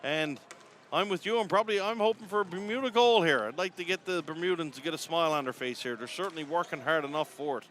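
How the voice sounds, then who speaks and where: A man's voice: on the high side, fast talker, a bit bright, slight background noise. A man from Newfoundland with a Newfoundland accent, calling live play-by-play from the top of an indoor arena in a chatty, folksy way. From Newfoundland, Canada. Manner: chatty and folksy, chuckles between calls. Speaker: play-by-play commentator. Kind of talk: live sports play-by-play commentary.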